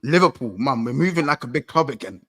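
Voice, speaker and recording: A man hosting a casual football chat, excitable, swearing and repeating himself. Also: mid-range voice, fast, husky, no echo. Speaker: football podcast host.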